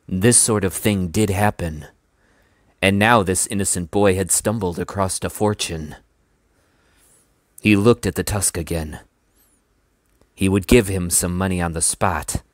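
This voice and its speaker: A man reading a children's novel aloud in a measured, even way. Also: deep voice, no room sound, clean studio sound. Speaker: storybook reader.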